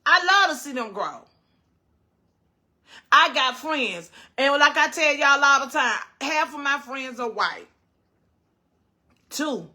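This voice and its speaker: A middle-aged woman, hosting a casual cooking livestream, firing off animated rhetorical questions. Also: sits high, slow, pauses often. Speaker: cooking show host.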